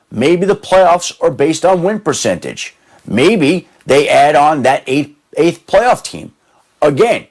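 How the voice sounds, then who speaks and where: A man talking as a sports analyst, weighing possibilities in a measured way with a few restarts. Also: on the high side, a little mellow. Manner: measured, thinking aloud with restarts. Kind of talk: studio sports talk.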